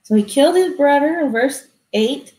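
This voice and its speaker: A woman telling a Bible story to children in an animated way, asking them questions. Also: sits high, normal speed. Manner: animated, asks kids questions. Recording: echoey room.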